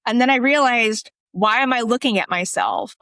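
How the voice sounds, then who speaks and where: A woman's voice: a little high, normal speed, no room sound. Woman telling a story, dry close sound. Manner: animated storytelling, acts out quoted voices. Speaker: podcast co-host. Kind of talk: casual conversation.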